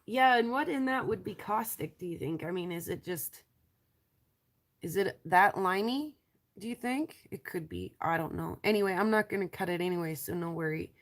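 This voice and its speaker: A woman with a stuffy nose and a raspy voice from allergies, chatting casually on a live stream as she shows rocks and trails off with ums. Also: on the low side, lively intonation, normal speed. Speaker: lapidary showing rocks to viewers.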